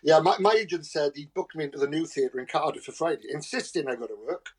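A man, a guest actor telling lively anecdotes, laughing often and acting out voices. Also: fairly high pitch, fast talker, slightly rough, low-quality recording. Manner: animated storyteller, laughs often, acts out voices. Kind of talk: anecdotal chat.

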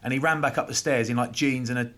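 Man in his forties, podcast co-host, animated anecdotes, casual chat, laughing. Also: medium pitch, quick pace. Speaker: podcast co-host, former rugby player. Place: at a rugby stadium.

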